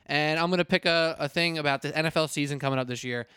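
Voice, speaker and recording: A man in the host's chair of a casual sports podcast, talking loosely and joking, with plenty of restarts and asides. His voice is smooth and resonant, recorded dry and close with no room sound. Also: on the high side, quick pace, sharp tone, no room sound. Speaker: podcast host. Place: indoors at a table with a co-host.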